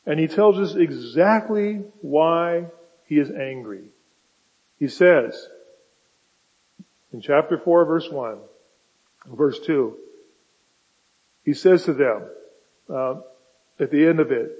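Husky-voiced pastor preaching in a hall. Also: male voice, a little high, slow pace, pauses often, dull audio. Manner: conversational, emphatic rhetorical questions. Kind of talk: sermon. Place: church sanctuary.

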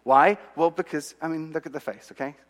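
A man telling his own faith story to an audience, animated and dramatic, with asides to the listeners. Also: on the high side, fairly quick. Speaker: speaker giving a testimony. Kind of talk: sermon-style storytelling. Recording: long hall reverb.

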